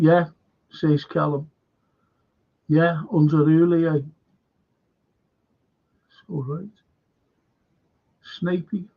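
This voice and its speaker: An older Liverpool man hosts a podcast, chatting casually and rambling through sweary anecdotes. His warm voice sits on the high side with a steady tone, drawn-out words and frequent pauses, in a dull lo-fi recording.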